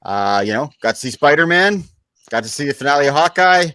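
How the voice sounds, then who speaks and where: A man's voice: on the high side, animated, a little fast, pushed and bright, clear, resonant tone, no room sound. A man hosting a casual podcast, easygoing and steering the talk with plenty of fillers. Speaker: podcast host.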